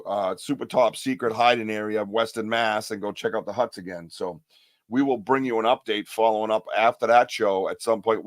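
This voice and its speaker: A man's voice: mid-range voice, no room sound. A man hosting a live podcast, chatting loosely, joking and rambling in slang. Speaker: podcast host. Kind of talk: casual live-stream chat.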